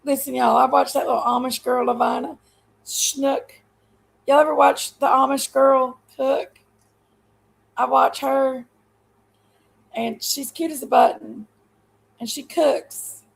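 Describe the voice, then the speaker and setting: A woman rambles through a casual livestream chat, folksy and warmly talkative. Her voice sits high, and a strong gravelly fry runs under almost every word. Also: steady tone, takes it slowly, long pauses, rough recording. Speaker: livestream host.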